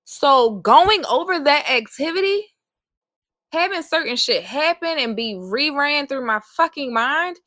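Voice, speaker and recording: Fiery high-voiced woman podcast host. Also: expressive, unhurried, pushed and bright, no room sound, clean studio sound. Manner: raw and emphatic, swears often, hammers repeated phrases. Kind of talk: solo confessional podcast monologue.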